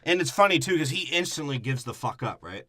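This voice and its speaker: A man's voice: a little high, lively intonation, brisk, bright, forceful tone, dry recording, clean studio sound. A man co-hosting a podcast, recapping a movie in a crude, profane, mocking way. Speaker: podcast co-host. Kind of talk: casual comedic movie recap.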